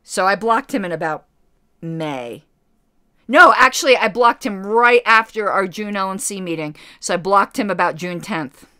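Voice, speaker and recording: Woman, livestream Q&A host, chatty and blunt, rambling self-corrections, dry close sound, middle pitch. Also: lively intonation, normal speed, pushed and bright, clear, resonant tone, dry recording. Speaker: party committee member hosting a livestream. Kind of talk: casual livestream Q&A, reading chat.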